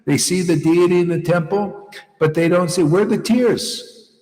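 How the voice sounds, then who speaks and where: A man's voice: high voice, moderate pace, a little mellow, faint music behind. A man giving an informal devotional talk as a teacher, emphatic and full of rhetorical questions and repeated phrases. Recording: echoey room with long reverb.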